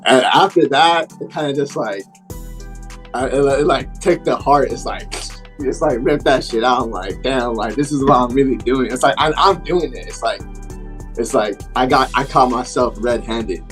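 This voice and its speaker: A man's voice: medium pitch, moderate pace, a bit bright, soft background music. A man, a class member, telling a story in rambling casual talk full of fillers. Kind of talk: casual conversation.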